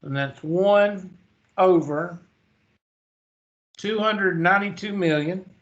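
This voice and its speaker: A high-voiced man with a fairly bright tone teaches a math lesson in a muffled recording. Drowsy and yawning, he slowly and methodically walks through calculator steps, reading numbers digit by digit.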